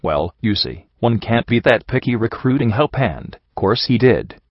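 A man's voice: medium pitch, sing-song, unhurried, slightly rough, dry recording, dull audio, exaggerated voice. Man voicing a shifty pony raider boss. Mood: evasive.

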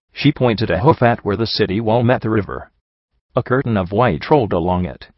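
A man reading a fan fiction story aloud with steady storytelling, on a dull, dry recording. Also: lowish voice, a little fast, no echo. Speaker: audiobook narrator.

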